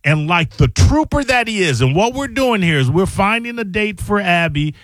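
A man's voice: sits high, animated, moderate pace, fairly bright tone, no room sound, studio quality. A man hosting a radio show, running teasing banter and laughing often. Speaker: radio host.

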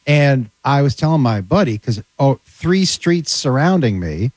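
Animated male comedian telling stories, dry mic. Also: medium pitch, measured pace, no echo, low-quality recording. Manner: animated storyteller, slips into character voices. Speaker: comedian guest. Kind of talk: casual podcast chat.

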